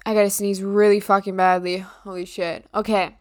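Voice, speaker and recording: A woman's voice: medium pitch, level tone, normal speed, few pauses, no room sound, clean studio sound. A young woman from Minnesota hosting a podcast, telling a story in a blunt, profane, casual rant. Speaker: podcast host.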